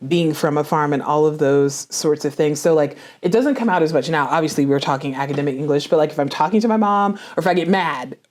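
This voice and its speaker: A woman from South Carolina, an English professor, speaking earnestly in a relaxed discussion and often affirming the other speakers. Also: low voice, brisk, hardly any pauses. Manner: earnest, affirming with frequent backchannels. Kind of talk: casual discussion.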